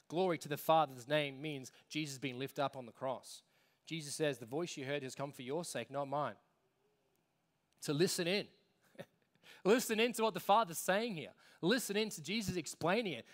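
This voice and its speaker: Australian guy preaching, kinda high voice, punchy with big pauses. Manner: emphatic preaching with dramatic pauses. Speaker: pastor. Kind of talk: sermon.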